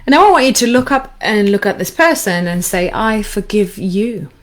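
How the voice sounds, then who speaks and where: A woman coaching listeners through a guided forgiveness exercise, speaking calmly with slow, repeated instructions. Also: fairly high pitch. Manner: calm, slow, repetitive instructions. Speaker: anxiety coach.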